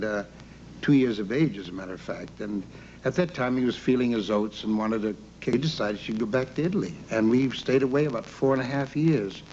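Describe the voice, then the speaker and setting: A man's voice: mid-range voice, darkish tone. Older man rambling on a dull lo-fi recording. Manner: rambling, conversational, with fillers. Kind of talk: interview storytelling about childhood. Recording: dull lo-fi recording with faint background noise.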